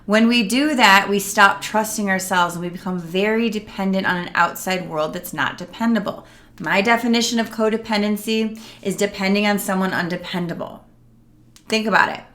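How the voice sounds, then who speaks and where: Middle-aged female coach, earnest and animated, bright tone, casual address to camera. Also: mid-range voice, moderate pace. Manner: earnest, animated, acts out quotes. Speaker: emotional wellness coach.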